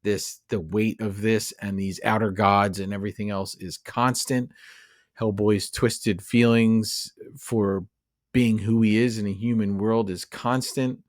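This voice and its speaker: Male podcast co-host, low pitch, dry close mic, chatty and opinionated. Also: fairly even intonation, measured pace, no echo. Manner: chatty, opinionated, many fillers. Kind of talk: casual film discussion.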